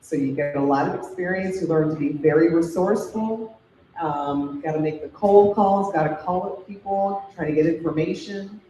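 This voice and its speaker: A woman's voice: fairly low pitch, normal speed, dark tone, a little hiss or hum. Middle-aged news anchor woman, thoughtful and chatty, recorded distant in a reverberant hall. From Chicago. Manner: conversational, thoughtful with many fillers. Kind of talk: fireside chat answering questions. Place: large hall event. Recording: roomy hall audio from afar.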